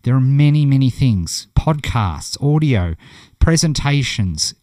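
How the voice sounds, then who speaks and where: A man's voice: medium pitch, big pitch swings, measured pace, mellow, dry recording, clean studio sound. Blunt encouraging Australian man. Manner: blunt, encouraging, chatty with many fillers. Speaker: online course teacher. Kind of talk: casual video lesson.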